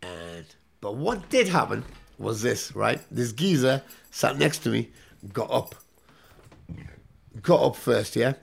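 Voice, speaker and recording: A man's voice: medium pitch, very animated, slow, creaky, pauses often, breathy edge. A man telling a story in casual, profane chat, tagging his sentences with "yeah?". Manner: swears constantly, tags lines with "yeah?".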